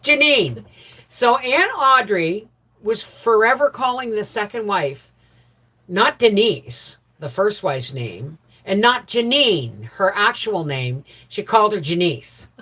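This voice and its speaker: A middle-aged woman hosting a casual homestead livestream, greeting viewers by name and chatting warmly. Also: mid-range voice, big pitch swings, takes it slowly, husky. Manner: chatty, warm greetings to viewers, laughs often. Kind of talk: casual live chat reading viewer comments.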